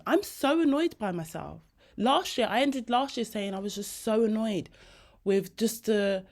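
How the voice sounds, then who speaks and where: A woman's voice: mid-range voice, a little mellow. A woman hosting a podcast, telling personal stories in a candid, slangy, emotionally open way. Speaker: podcast host.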